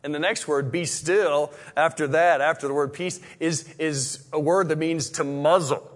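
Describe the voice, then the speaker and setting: A male pastor delivers a sermon in a fairly high voice. He talks conversationally, stumbling over restarts, then rises to loud exclamations or drops to a hushed whisper. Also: fairly even intonation, normal speed.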